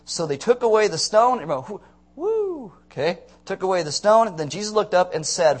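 A young man preaching a sermon, animated and joking as he tells the story, with sudden loud shouts. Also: high voice, moderate pace. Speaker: pastor.

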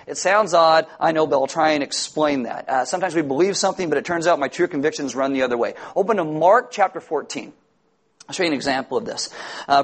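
High-voiced joking pastor. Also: male voice. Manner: lively, joking, acts out quoted voices. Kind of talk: sermon. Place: church sanctuary before a congregation.

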